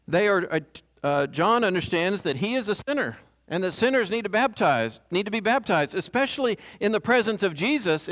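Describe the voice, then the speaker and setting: With a high, expressive, fairly bright voice at normal speed, this preacher talks to his congregation in a conversational style, frequently asking them "right?"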